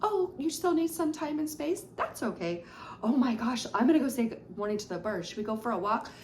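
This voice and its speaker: A woman's voice: high voice, big pitch swings, moderate pace, a little mellow, slight background noise, pitched above the performer's own voice. A woman playing a cheerful caregiver coaxing a small child, sing-song and exclamatory. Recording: roomy echo.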